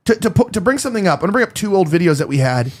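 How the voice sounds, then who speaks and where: Man, host, fairly high voice, rambling, lots of fillers. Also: big pitch swings, very fast. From Los Angeles. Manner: rambling, frequent fillers and restarts. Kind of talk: casual panel talk.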